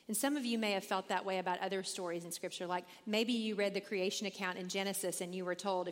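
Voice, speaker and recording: A middle-aged woman teaching a Bible study lesson, reading scripture aloud and telling lively stories with questions to the class. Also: mid-range voice, a little fast, hardly any pauses. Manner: animated storytelling, reads scripture aloud, asks the class questions. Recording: echoey hall with long reverb.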